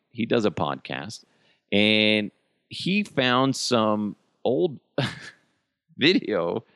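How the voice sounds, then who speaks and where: A man's voice: fairly low pitch, creaky, dry recording, studio quality. A man hosting a podcast, ranting in a profane, mocking, comedic way. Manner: swears constantly, animated and mocking. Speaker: podcast host.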